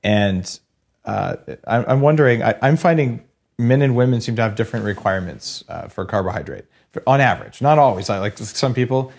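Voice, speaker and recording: A man's voice: lowish voice, animated, fairly quick, vocal fry, a little mellow. A man hosting a podcast interview, asking long curious questions with hesitant restarts. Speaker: podcast host.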